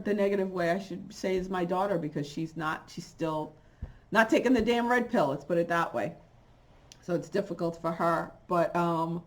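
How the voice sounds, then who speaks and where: A middle-aged woman, a holistic coach, talking to camera in a blunt, rambling, conversational way. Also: mid-range voice. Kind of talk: casual monologue to camera.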